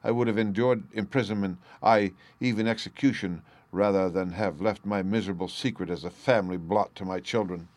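A man's voice: on the low side, steady tone, a little fast, hardly any pauses, darkish tone, dry recording, close to an everyday voice. A man doing an earnest, confessing prisoner. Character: ashamed gentleman prisoner confessing, adult man.

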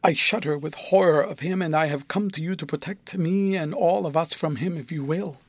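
A man's voice: on the high side, moderate pace, no room sound. A man voicing a timid tearful young woman. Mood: distressed. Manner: timid and shaken.

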